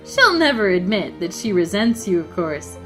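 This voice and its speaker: A woman's voice: medium pitch, sing-song, moderate pace, a bit bright, faint music behind, voice pushed down. A woman reading as a prim, haughty rich schoolgirl. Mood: lecturing. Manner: lecturing, superior.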